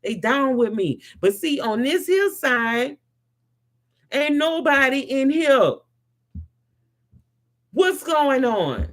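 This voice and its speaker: A woman speaks her mind on faith to a live audience. She talks like a preacher, rising to loud conviction and dropping to a soft, heavy tone. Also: high voice, big pitch swings, slow pace, pauses often. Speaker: host. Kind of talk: spiritual monologue to a live audience.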